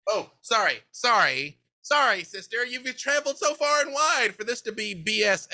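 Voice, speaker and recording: A man's voice: extremely high pitch, lively intonation, moderate pace, pushed and bright, voice pushed up, full character voice. A man voicing a cheerful, fussy little female kender leader who gets flustered in a tabletop game. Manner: flustered, chirpy, apologetic.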